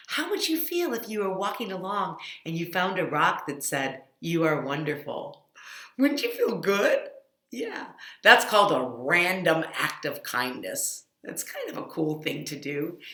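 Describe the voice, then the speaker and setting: Bright animated woman teaching children. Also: medium pitch. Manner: animated, coaxing, asks children questions. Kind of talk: children's church lesson. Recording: roomy echo.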